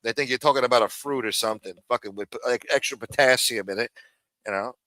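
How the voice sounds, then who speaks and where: A man hosting a live stream, ranting in a profane, sarcastic and animated way. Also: medium pitch, fast talker, dry recording. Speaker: live show host.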